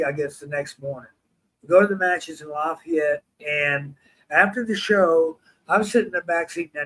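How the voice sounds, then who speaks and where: A man telling an animated story in an interview, acting out the voices of the people in it. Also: on the high side, low-quality recording. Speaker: interview guest.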